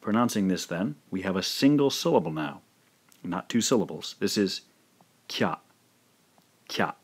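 A man with a low, expressive, slightly breathy voice teaches a language lesson in scripted instructional narration. He drills pronunciation slowly and carefully, one syllable at a time.

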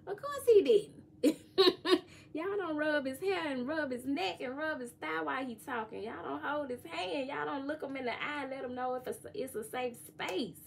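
A woman, giving a casual, joking tarot reading and sometimes singing bits of songs softly. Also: high-pitched, lively intonation, normal speed, vocal fry, a little hiss or hum. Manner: chatty, joking, sings lyric snippets softly. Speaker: tarot reader.

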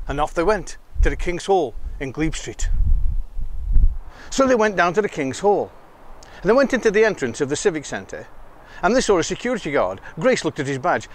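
A man telling a children's story, voicing the characters in higher pitches. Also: moderate pace, slight background noise. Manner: lively, voices the girls in higher pitch.

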